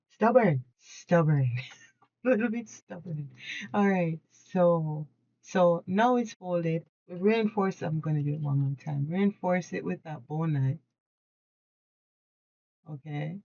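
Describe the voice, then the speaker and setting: A woman with a fairly low voice talks through a craft demonstration at her home desk, chatty and excitable. She laughs often and restarts her sentences as she works, and the recording sounds a little dull. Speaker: craft tutorial host. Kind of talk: casual hands-on tutorial.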